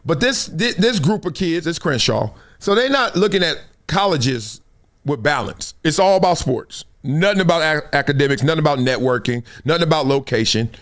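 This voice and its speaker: On his show, a middle-aged man with an LA accent tells a long, casual story, playing out the scenes and dropping slang along the way. His voice is on the high side, expressive and fairly bright, and he talks at a normal speed.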